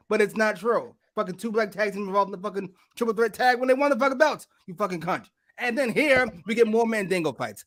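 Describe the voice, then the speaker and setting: A male podcast co-host tearing into the show with exasperated, expletive-filled rants. His fairly high voice swings widely in pitch as he vents. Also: lively intonation, fast, hardly any pauses, a bit bright. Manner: profane, exasperated ranting. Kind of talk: casual wrestling review chat.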